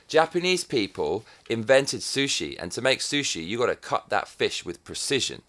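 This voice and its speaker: A man's voice: medium pitch, very animated, moderate pace, hardly any pauses. A man from England in his thirties, talking to camera in a profane, sardonic comic monologue. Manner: profane and sardonic, with swings in loudness. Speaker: vlogger.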